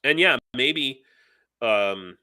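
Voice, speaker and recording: A man's voice: medium pitch, lively intonation, drawn-out words, bright, forceful tone. A man hosting a live news stream, giving heated, ranting commentary and reading out viewer comments. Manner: passionate, ranting, reads viewer comments aloud. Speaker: livestream news host.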